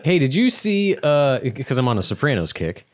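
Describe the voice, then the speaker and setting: A man's voice: medium pitch, normal speed, background noise. A man co-hosting a casual podcast, telling stories and acting out the lines he quotes. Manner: lively, acts out quotes while telling stories. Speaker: podcast co-host. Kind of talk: casual chat.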